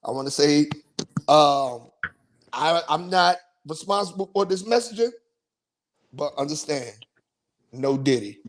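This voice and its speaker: A podcast host with a noticeably high-pitched male voice keeps the talk loose and animated. He laughs often and doubles back on his own phrases as he chats. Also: a little slow, long pauses. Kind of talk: casual chat.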